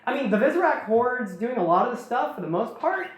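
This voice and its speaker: A woman's voice: on the high side, big pitch swings, brisk. A woman host casually retelling a story in a rambling, jokey way with many fillers and restarts. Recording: very echoey room.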